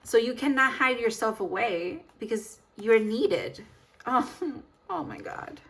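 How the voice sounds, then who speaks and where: A woman's voice: a little high, expressive, slow pace, creaky, a bit bright. A woman giving a casual tarot reading, chatty and emphatic, laughing and sighing as she talks. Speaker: tarot reader.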